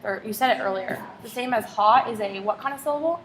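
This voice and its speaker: A woman's voice: a little high, fast talker, a bit bright, soft background music. A woman teacher tutoring one pupil in phonics, patient and encouraging, asking question after question. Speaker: reading teacher.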